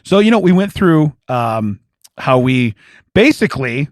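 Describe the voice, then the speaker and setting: A man's voice: a little high, big pitch swings, measured pace, no echo, studio quality. A man in his forties, a podcast co-host, telling stories in casual chat, laughing often and acting out the quotes.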